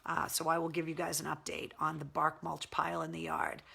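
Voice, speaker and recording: A woman's voice: low-pitched, monotone, brisk, gravelly, pushed and bright, husky. A woman hosting a casual livestream, chatting candidly and swearing cheerfully as she answers viewer comments. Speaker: livestream host. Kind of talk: casual live chat reading viewer comments.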